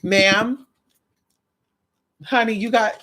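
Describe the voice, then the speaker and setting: A woman's voice: medium pitch, a little slow, a little hiss or hum. A woman with a slight lisp giving sassy, casual reaction commentary, talking straight to the viewer. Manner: sassy, animated, drawls "girl". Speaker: commentary host.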